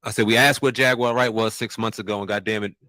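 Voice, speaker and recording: A male podcast host with a somewhat low but bright voice speaks in a relaxed, appreciative tone. The sound is dry, with no room echo. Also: fast. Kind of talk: casual podcast chat.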